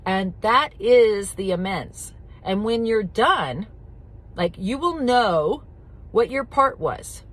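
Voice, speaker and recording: Speaking to camera in a casual teaching style, a middle-aged addiction recovery coach is blunt and direct, repeating points for emphasis and swearing offhandedly. Her voice is husky and medium-pitched with a fairly bright tone.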